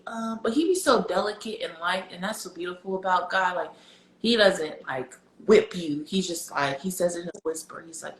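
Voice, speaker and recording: A woman's voice: on the low side, normal speed, echoey room, low-quality recording. A woman guest on a podcast, talking casually and emphatically about her faith, telling stories with lots of slang. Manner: animated, emphatic storytelling with slang.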